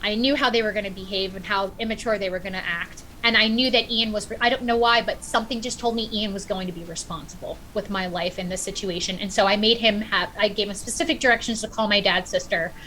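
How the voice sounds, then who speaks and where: A middle-aged woman on a podcast, telling a personal story in animated, casual chat and acting out what people said. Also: mid-range voice, quick pace, hardly any pauses, slight background noise, rough recording. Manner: animated storyteller, acts out quotes. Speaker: podcast guest.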